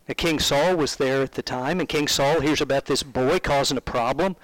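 A male preacher giving a sermon in an animated, conversational storytelling way, asking his listeners questions. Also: medium pitch, moderate pace, hardly any pauses, no room sound, poor audio.

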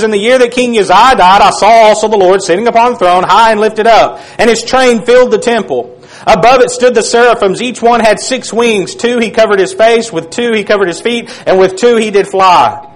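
A man preaching a sermon, reading scripture aloud and dropping to a hush on key phrases. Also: high-pitched, a little fast, poor audio.

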